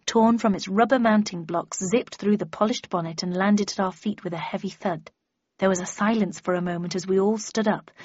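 A woman's voice: mid-range voice, husky, no room sound. A woman reading a first-person novel aloud in a dry, wry storytelling manner. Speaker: audiobook narrator. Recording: dull lo-fi dry recording.

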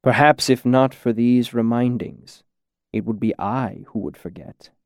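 A menacing shadowy lord speaks softly and very slowly, each word placed with patience, as a man reads him. His voice is low and gravelly. The recording is close and dry. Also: no echo, close to an everyday voice. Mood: cold, patient. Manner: slow, soft, carefully measured menace.

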